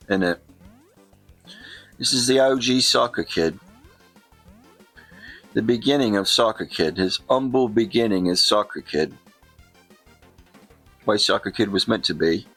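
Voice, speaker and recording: A man's voice: lowish voice, a bit bright. A man putting on an overdone mock English accent as a jolly old English bloke, tagging "innit" onto his lines while commenting on a game. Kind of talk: gaming commentary in a put-on voice.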